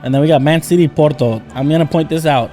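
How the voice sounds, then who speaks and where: This is a man from Southern California with a mellow, warm tone, trading opinionated sports banter on a podcast. Faint music sits behind his voice. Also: fairly high pitch, quick pace. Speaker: podcast co-host. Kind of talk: casual sports chat.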